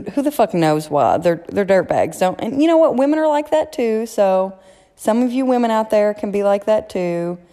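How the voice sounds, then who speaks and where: A woman with a drawl talks straight to her listeners on a solo podcast, cursing freely and giving blunt advice. Her voice sits fairly low. A long reverb trails behind her words. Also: warm tone, smooth. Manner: blunt, profane, frank advice. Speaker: podcast host. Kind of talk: casual solo podcast chat.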